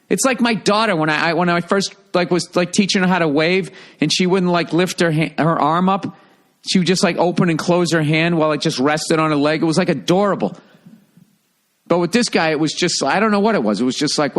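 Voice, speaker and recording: A man in his fifties telling a story in casual comedic style, profane and rambling as a podcast host. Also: high-pitched. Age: 50s.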